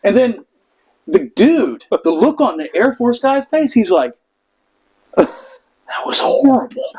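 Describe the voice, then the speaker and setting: A man's voice: very high voice, big pitch swings, measured pace, dark tone, slightly rough, rough recording. A man, a Marine veteran, telling stories in a casual chat, profane and laughing through them.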